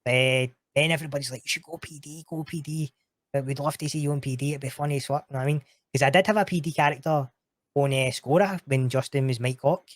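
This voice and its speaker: A man's voice: mid-range voice, fast, dry recording. A Scottish man chatting casually as a podcast guest, slangy and laughing often, swearing freely. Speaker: podcast guest, roleplay streamer. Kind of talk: casual chat.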